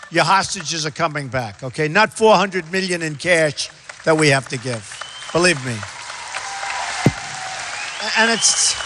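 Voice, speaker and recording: A man giving rambling, repetitive, emphatic answers as a candidate fielding questions. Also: high-pitched. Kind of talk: rambling stump-speech answers. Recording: echoey hall.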